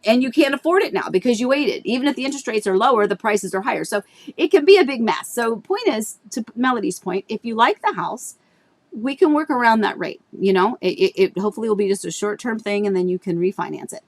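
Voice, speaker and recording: A woman's voice: a little high, expressive, fast talker, dry recording. Woman, casual livestream chat, rambling, restarts, dry room. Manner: chatty, rambling, many restarts. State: tearful at times. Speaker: real estate agent hosting a livestream.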